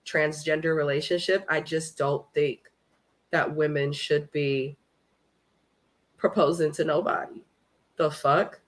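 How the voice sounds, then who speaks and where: Woman, from California, reality TV recap host, casual live commentary, blunt, swears a lot, strongly opinionated. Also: low-pitched.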